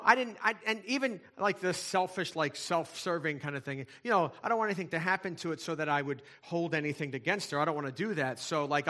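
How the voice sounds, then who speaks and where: A middle-aged male pastor preaching in a conversational way, moving from hushed asides to loud, fervent passages. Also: a little high. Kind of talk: sermon.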